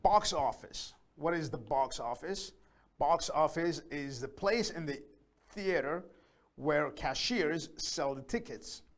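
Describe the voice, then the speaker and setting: A man teaches beginners' English in a slow, measured way. His voice sits a little high for a man. He repeats each phrase and fills his pauses with hesitant fillers. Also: lively intonation. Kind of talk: live online English lesson.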